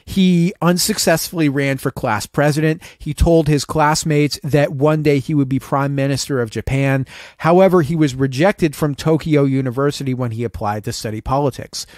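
Male podcast co-host, young adult, slightly high voice, dry close sound, reads from notes with offhand asides. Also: dry recording. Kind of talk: casual podcast storytelling.

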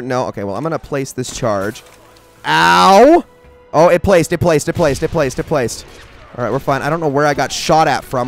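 A young man giving casual, excitable commentary while playing a shooter game, talking to himself and the enemies. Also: medium pitch. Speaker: gaming channel host.

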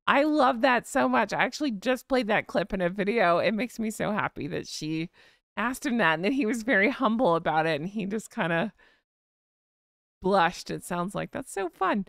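A woman's voice: medium pitch, animated, moderate pace, creaky, a bit bright, dry recording, clean studio sound. A woman with a Southern US accent, hosting a casual live-stream chat in a gossipy, giggly way. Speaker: host.

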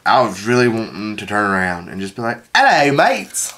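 A woman's voice: extremely low pitch, quick pace, fairly bright tone. A woman chatting casually while opening card packs, rambling through a work story and reading card names aloud. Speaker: card pack opener, co-host. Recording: noisy with wrapper crinkling.

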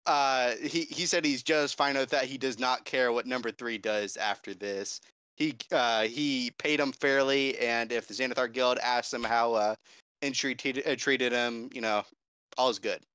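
Brief: male tabletop player, bright edgy voice, dry close mic, stammering. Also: medium pitch, steady tone, normal speed, clean tone, dry recording. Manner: hesitant, stammering. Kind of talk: casual tabletop play.

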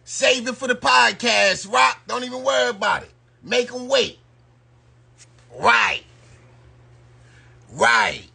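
A man's voice: very high-pitched, expressive, takes it slowly, vocal fry, long pauses, bright, forceful tone, husky. A man giving loose, slangy live-stream commentary and talking straight to his viewers. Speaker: YouTube commentator.

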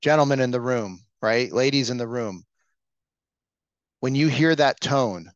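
A man's voice: medium pitch, a little slow, no room sound, highs cut off. A man leading a sales training session, talking casually and coaching the room with frequent questions. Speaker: real estate sales trainer. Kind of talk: live training session talk.

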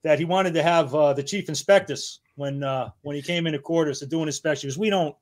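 A man's voice: a little high, quick pace. A man in his fifties, a guest on a podcast, telling rambling, laughing stories from his working years, with casual swearing. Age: 50s. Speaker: guest, battalion chief.

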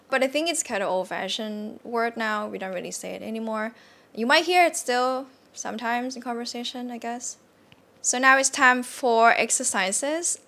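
A woman's voice: medium pitch, pushed and bright. A Thai woman teaching a language lesson, repeating words with sharply varied tones and often checking in with "yeah?".

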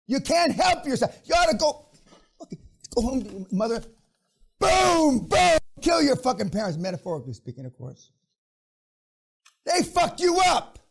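High-pitched shouting man berating listeners. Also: very animated, normal speed, creaky, slightly rough. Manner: profane, berating, shouts often. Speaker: business seminar speaker. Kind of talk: aggressive motivational seminar rant.

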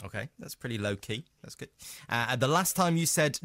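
A man's voice: mid-range voice, lively intonation, brisk, fairly bright tone, dry recording. A man hosting a radio interview, playful and teasing, speaking into a close studio mic. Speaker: radio host.

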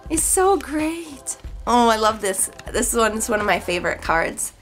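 A woman's voice: on the high side, very animated, unhurried, fairly bright tone, soft background music. A young woman vlogging an unboxing, gushing with squealing exclamations and chatty asides, her voice cracking. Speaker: YouTuber. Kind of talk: excited unboxing vlog.

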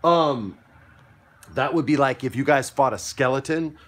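A man's voice: mid-range voice, a little slow, pauses often, fairly bright tone. A man acting as game master, explaining dice rules and narrating a pirate fight in an upbeat, playful way.

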